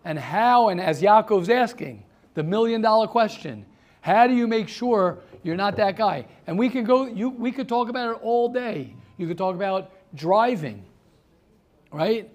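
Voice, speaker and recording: A man's voice: high-pitched, measured pace. A man, a rabbi, giving a motivational talk to a small group, telling stories and calling on listeners by name. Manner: animated storyteller who addresses listeners by name; repeats words for emphasis. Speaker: rabbi leading a seminar.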